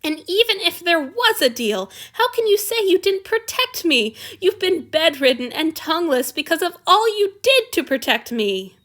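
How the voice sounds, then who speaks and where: A woman's voice: very high-pitched, big pitch swings, normal speed, few pauses, a bit bright, pitched above the performer's own voice, full character voice. A woman reading aloud, voicing a meek, devoted young male servant who pleads and abases himself. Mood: pleading. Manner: pleading, self-abasing. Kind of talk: audiobook reading.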